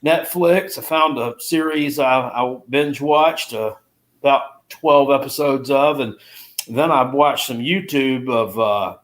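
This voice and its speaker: A man with a medium-pitched, slow voice co-hosts a casual sports chat show. He rambles in an easygoing way, using lots of fillers.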